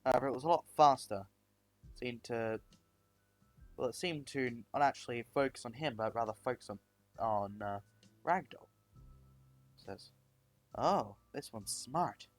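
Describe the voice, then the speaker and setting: A man's voice: medium pitch, normal speed, pauses often, faint music behind. Man rambling through a fan story. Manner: rambling, many fillers and restarts.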